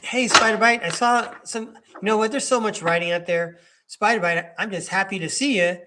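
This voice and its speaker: High-voiced man hosting a tarot stream. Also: sharp tone, slight background noise. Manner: easygoing, chatty, reads card keywords aloud slowly. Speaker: tarot reader and livestream host. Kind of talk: live-streamed tarot reading.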